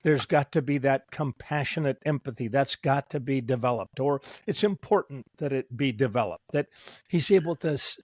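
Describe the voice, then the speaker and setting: A man's voice: mid-range voice, normal speed, darkish tone, no echo, clean studio sound. A middle-aged man hosting a conversational discussion as a psychologist, who digresses and pushes back on his guest. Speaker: host, psychologist.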